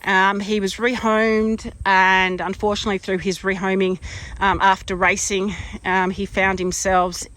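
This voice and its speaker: A woman's voice: medium pitch, flat delivery, a little slow, a bit bright. A woman, a horse trainer chatting casually and affectionately in an outdoor paddock, with lots of ums and fond cooing. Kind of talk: casual walk-around vlog.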